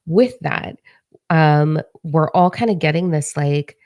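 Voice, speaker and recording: A young woman, a spiritual channeler, gives a chatty vlog-style spiritual talk, swearing freely and acting out other people's voices. She speaks slowly in a low, darkish voice, recorded clean in a studio with no room sound.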